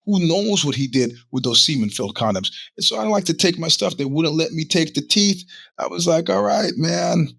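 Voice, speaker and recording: A man's voice: on the high side, expressive, brisk, creaky, a bit bright, breathy edge, dry recording. A middle-aged man hosting a podcast, telling a rambling, profane story in a casual monologue with many restarts. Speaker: podcast host.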